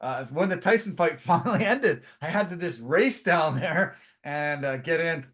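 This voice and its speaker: Man, high voice, sports podcast co-host, casual chat, animated storyteller. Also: moderate pace. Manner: animated storyteller, acts out quotes.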